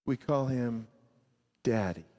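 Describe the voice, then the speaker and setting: A man preaching a sermon as pastor, swinging from loud emphasis to hushed, low endings. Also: takes it slowly. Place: church sanctuary. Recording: long reverb of a large church.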